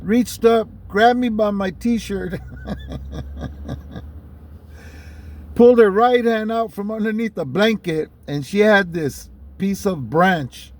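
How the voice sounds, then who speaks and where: A man's voice: sits high, slow, pauses often. A middle-aged man, telling a personal story in a laid-back, casual way, dropping "man" and "you know" and chuckling often.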